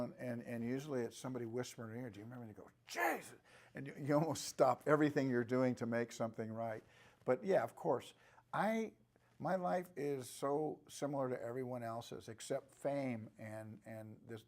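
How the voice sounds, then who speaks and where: A man's voice: medium pitch, moderate pace. Reflective older male actor. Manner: relaxed, reflective, with frequent restarts. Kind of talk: press junket interview.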